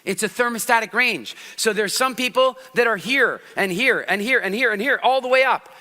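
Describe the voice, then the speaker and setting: Middle-aged man, stage speaker, animated, very bright forceful voice, fairly high pitch, long hall reverb. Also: normal speed. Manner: animated, demonstrates voices by shifting pitch and loudness. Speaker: public speaking coach. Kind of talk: stage talk to a live audience. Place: large hall with audience.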